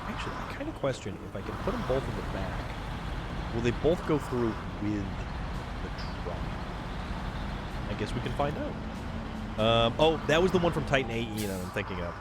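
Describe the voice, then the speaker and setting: A man hosting a livestream, chatting excitedly and answering viewers while he plays a video game. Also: medium pitch, normal speed, pauses often, heavy background noise. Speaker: livestream host. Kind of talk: casual chat while playing a video game.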